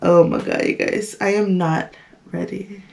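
A woman's voice: medium pitch, fairly even intonation, a little slow, creaky. A young woman hosting a fan reaction video, gushing and squealing, slipping in Spanish phrases. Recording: music playing behind her voice.

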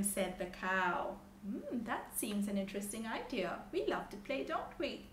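A woman's voice: fairly high pitch, sing-song, measured pace, hardly any pauses, far from the mic. Sing-song woman reading a picture book. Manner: sing-song, exaggerated animal sounds, asks the listener questions. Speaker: storybook reader. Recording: echoey room with faint ambience.

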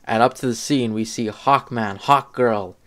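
A man's voice: medium pitch, unhurried. A man talking casually about his fan casting ideas, rambling with many fillers and self-corrections. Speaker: fan commentator.

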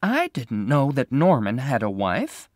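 A man's voice: medium pitch, very animated, unhurried, creaky, no room sound, studio quality, pitched above the performer's own voice, full character voice. A man voicing a kind, sympathetic middle-aged sheriff's wife. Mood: gentle. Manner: gentle, sympathetic.

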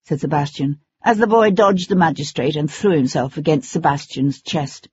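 Measured and dramatic, an audiobook reading comes through a dull, lo-fi recording. The narrator has a mid-range voice with a breathy edge.

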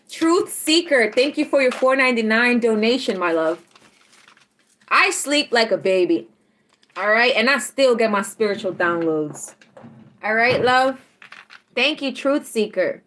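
A woman, chatting casually on a tarot livestream, teasing and animated, laughing often as she reads out chat. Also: on the high side, a little slow.

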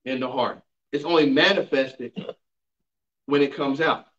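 A male pastor with a medium-pitched, fairly bright voice speaks a little slowly while teaching a Bible class in a church sanctuary. He preaches emphatically, engaging the congregation with call-and-response and rhetorical questions. The audio is roomy and dull, recorded from a distant mic.

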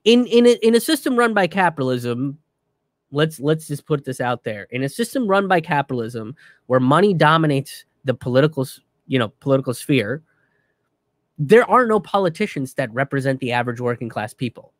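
A man's voice: medium pitch, big pitch swings, brisk, no echo, clean studio sound. A young man and comedian giving heated, profane political commentary, ranting and restarting his sentences.

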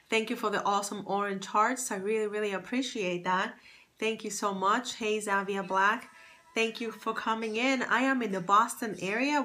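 Bright, chatty woman streaming live. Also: mid-range voice. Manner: greets viewers by name, upbeat and chatty. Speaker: livestream host, fashion stylist and confidence coach. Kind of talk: casual live-stream chat. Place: at home near Boston. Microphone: phone.

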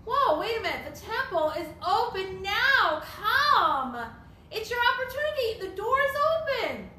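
A woman's voice: very high voice, very animated, measured pace, bright, forceful tone, a little hiss or hum. A woman teaching a Bible study, emphatic and repetitive, asking rhetorical questions. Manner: emphatic, repeats phrases, asks rhetorical questions. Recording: echoey room.

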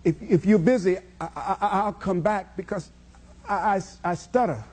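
A man's voice: high-pitched, normal speed, darkish tone. A man doing a stuttering saleswoman. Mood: playful. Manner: heavy stutter. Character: stuttering woman making a sales pitch.

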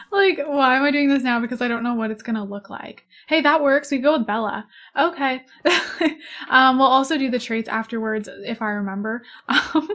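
A woman's voice: sits high, normal speed, fairly bright tone. A young woman in her twenties chatting casually over gameplay, rambling, giggling and gushing over cute animals. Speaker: gaming YouTuber. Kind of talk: casual let's-play chat.

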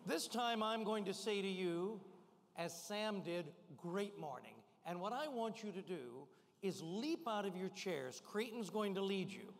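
An older man speaking to a crowd with a high, energetic voice, calling out to the audience and getting them on their feet. His voice rings out with a long reverb from a big hall. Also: a little slow. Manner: energetic, rousing the crowd with call-and-response shouts. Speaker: guest speaker. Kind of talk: motivational keynote to a live audience. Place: large event hall.

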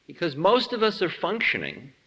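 A man giving a humorous spiritual talk as a teacher, playful and quick to act out little scenes. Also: sits high, huge pitch swings, fairly bright tone. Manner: playful, acts out voices in anecdotes. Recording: long hall reverb.

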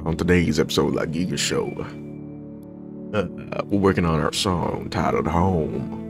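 A man's voice: deep voice, normal speed, gravelly, music in the background. A man voicing a folksy, talkative male cowboy in a put-on American country accent. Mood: folksy joking. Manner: drawling, folksy, jokey.

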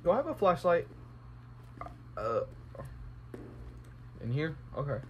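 A man's voice: fairly high pitch, huge pitch swings, slow, muffled recording, slight background noise. A young man commentating a horror game let's play, talking to himself and exclaiming at scares. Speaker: gaming YouTuber.

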